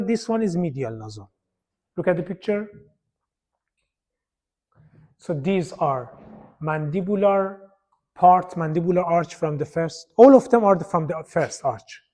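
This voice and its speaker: Male lecturer, high voice, repeats key terms while pointing at slides. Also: darkish tone. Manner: repetitive, pointing at slides, non-native phrasing. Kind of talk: university lecture.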